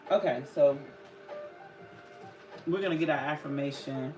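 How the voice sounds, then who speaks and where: A live-stream host giving a casual spiritual card reading, chatty and loose, talking to viewers in the chat. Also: medium pitch. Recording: roomy echo with clear background music. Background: clear background music.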